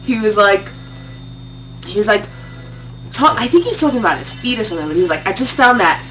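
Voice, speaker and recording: A woman's voice: mid-range voice, fast talker, distant mic, faint music behind, poor audio. A young woman chatting casually and teasing, telling crude family stories with lots of energy. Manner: animated, crude and teasing storyteller. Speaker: streamer's sister. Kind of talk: casual chat.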